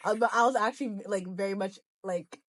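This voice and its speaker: A woman's voice: medium pitch, brisk, no room sound, clean studio sound. A young woman co-hosting a podcast, telling stories in casual chat with lots of giggles and mild swearing. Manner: animated storyteller, giggly, swears lightly. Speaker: podcast co-host.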